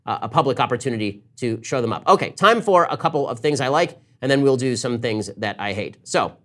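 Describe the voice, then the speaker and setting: A man hosting a political commentary show, talking in a fast, sarcastic monologue and mimicking his opponents in quick asides. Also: medium pitch, expressive, a bit bright.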